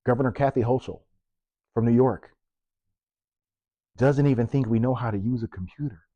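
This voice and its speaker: A man's voice: mid-range voice, moderate pace, dark tone, no echo, highs cut off. A man who works as a police officer, giving impassioned political commentary with punchy rhetorical questions and sarcasm.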